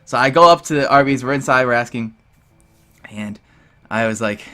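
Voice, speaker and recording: A young man telling a story in a casual vlog, animated and rambling, full of "like" and "dude". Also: medium pitch, fairly quick, pauses often, faint music behind. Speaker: vlogger.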